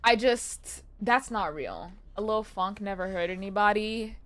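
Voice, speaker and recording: A woman's voice: mid-range voice, measured pace. Chatty young woman game streamer. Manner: excitable, chatty, swears, answers chat. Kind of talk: casual live-stream chat while gaming.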